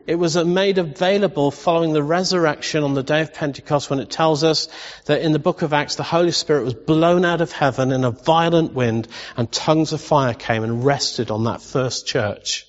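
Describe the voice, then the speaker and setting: A man's voice: a little high, normal speed. A man preaching a sermon in a conversational way. He asks his listeners questions and adds playful asides. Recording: dull recording in a long-reverb hall.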